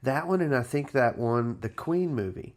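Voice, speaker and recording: A man co-hosting a podcast, casually retelling a film plot in a slangy, relaxed way. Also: mid-range voice, moderate pace. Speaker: podcast co-host. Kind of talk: casual chat.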